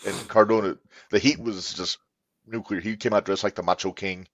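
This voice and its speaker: A man co-hosting a podcast in casual chat, relaxed and easy-going. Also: on the low side, fairly quick, no echo. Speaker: podcast co-host. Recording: dull, dry recording.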